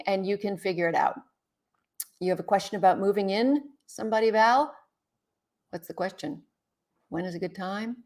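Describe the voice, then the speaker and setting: A woman hosting a live relationship-advice stream. She greets viewers in a chatty way and gives blunt, practical answers to their comments, sounding a little worn out after a long day. Her voice swells and fades as she leans toward and away from her webcam mic. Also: mid-range voice. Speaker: relationship expert host. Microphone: webcam mic, moves toward and away from it.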